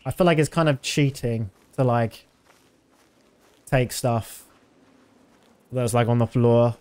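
Male streamer, thirties, mid-pitched, easygoing chat full of fillers. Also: slow pace. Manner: rambling, relaxed, many fillers. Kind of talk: casual gameplay commentary.

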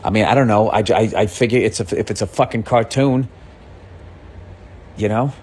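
A husky man rants on a podcast, exasperated and swearing as his voice jumps up and falls back down. The tone is conversational but heated, with a grumbling edge. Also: normal speed, darkish tone. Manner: profane exasperated ranting with big pitch swings. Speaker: comedian. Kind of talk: podcast rant.

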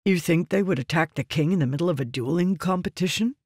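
A man's voice: high voice, expressive, moderate pace, dry recording, studio quality. A man voicing a stern, honor-bound male guard captain who speaks firmly and earnestly. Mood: skeptical. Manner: firm, raised, earnest.

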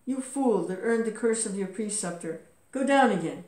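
A woman's voice: mid-range voice, expressive, normal speed, darkish tone, natural voice. Woman reading as a haughty king of gods. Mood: scornful. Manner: scornful dismissive. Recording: roomy echo.

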